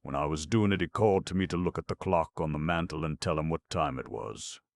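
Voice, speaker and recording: A man's voice: rumbling low, a little fast, creaky. A man reading the part of a young hotel hall boy, giving blunt, matter-of-fact answers. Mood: plain.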